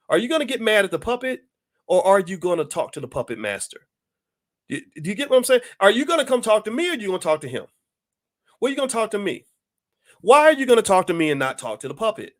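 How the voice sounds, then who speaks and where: A man's voice: sits high, very animated, quick pace, dry recording, studio quality. A man hosting his own channel, delivering an impassioned opinion monologue full of emphatic rhetorical questions. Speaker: channel host.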